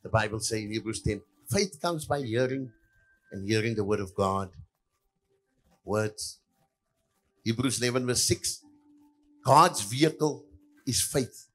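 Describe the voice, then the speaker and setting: A male pastor preaching a sermon, moving between quiet passages and louder lines, with repeated hallelujahs. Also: fairly low pitch, animated, a little slow, pauses often.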